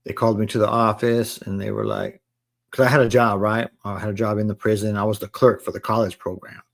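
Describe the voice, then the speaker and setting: A man in his forties with a low, gravelly voice tells his story in a casual, unhurried way. He drops relaxed slang and calls his listeners bro, as if he is chatting with friends on a live stream. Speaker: live stream host sharing his testimony.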